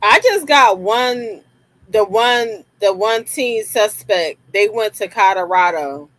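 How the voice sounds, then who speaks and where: Woman streamer, animated and repetitive, unhurried, dry close sound. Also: medium pitch, no echo, poor audio. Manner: animated, repeats herself, laughs often. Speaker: live stream host. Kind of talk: casual live-stream commentary.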